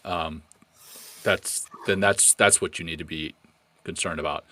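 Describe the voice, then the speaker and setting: A man with a very low, deep voice talks earnestly on a podcast, stumbling and restarting as his feelings push him on. The sound is dry and close, with no room around it. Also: fairly even intonation, pushed and bright, no room sound. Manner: earnest, passionate, halting with repeated restarts. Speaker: podcast co-host. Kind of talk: casual podcast discussion.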